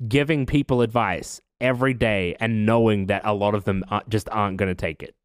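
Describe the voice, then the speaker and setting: A man's voice: lowish voice, a little fast, clear, resonant tone, dry recording. Man, podcast co-host, casual chat, thoughtful, musing, dry close sound.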